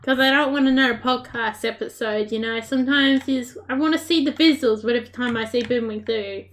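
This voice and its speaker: A woman giving live gameplay commentary, excitable and laughing often, with playful trash talk at the other players. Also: on the high side, brisk. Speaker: gaming creator.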